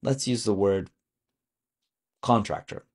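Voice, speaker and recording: A man's voice: fairly low pitch, takes it slowly, a little mellow, breathy edge. A man teaching a video lesson on French vocabulary, explaining patiently and asking the viewer questions.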